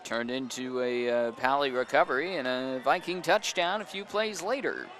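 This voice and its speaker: A young man calling high school football play-by-play from an outdoor press booth, excitable on big plays. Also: moderate pace, slight background noise. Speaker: play-by-play announcer. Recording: outdoor stadium with band music behind. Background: marching band music.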